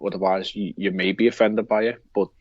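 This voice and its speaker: A man's voice: sits low, flat delivery, fairly quick, dry recording, lo-fi sound. A man with a Liverpool accent co-hosting a football podcast, talking in a rambling way with many restarts. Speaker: podcast co-host. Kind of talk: casual football chat.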